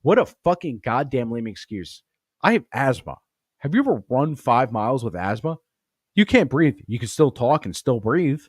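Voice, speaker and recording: A man's voice: mid-range voice, big pitch swings, moderate pace, breathy edge, dry recording, clean studio sound. A man hosting a comedy podcast, telling a crude story in a profane, rambling way and laughing at his own jokes. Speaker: podcast host.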